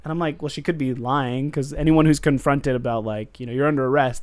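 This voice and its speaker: A man co-hosting a podcast recaps a show in casual chat, his mid-range voice brisk and free of room sound. He's animated, acting out characters' lines and laughing along.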